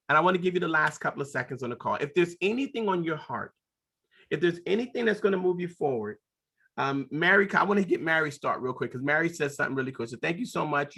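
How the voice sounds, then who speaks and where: A man's voice: on the high side, gravelly, breathy edge. A man hosting a video call, enthusiastically thanking his guest and calling on participants to speak. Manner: enthusiastic, warm-hearted praise, calls on speakers. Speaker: host.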